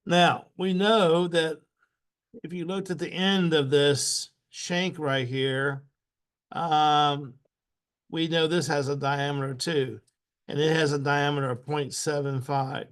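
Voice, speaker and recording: A man teaching a step-by-step software tutorial. He repeats each step aloud patiently and keeps clearing his throat. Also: fairly high pitch, steady tone, slow. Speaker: instructor.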